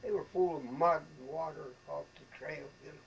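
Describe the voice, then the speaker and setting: A man's voice: fairly high pitch, normal speed, creaky, noisy background. A man in his eighties, a veteran, telling his stories in a colloquial way for an oral history interview and acting out the voices of the people he quotes. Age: 80s. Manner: colloquial storytelling, often acting out quoted speech.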